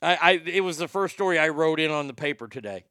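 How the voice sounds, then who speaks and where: A man holds forth as a show host in a loose, rambling, folksy way, swearing freely and restarting his sentences. His voice is bright and forceful, smooth and clear, and pitched a bit high for a man. The sound is close and dry, with no room around it. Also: lively intonation, quick pace, no room sound. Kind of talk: casual talk-show monologue.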